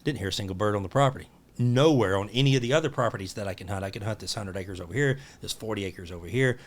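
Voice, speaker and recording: A man, a podcast guest telling a hunting story in a lively, acted-out way. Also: lowish voice, fast. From Tennessee. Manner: lively storyteller who acts out his own quotes.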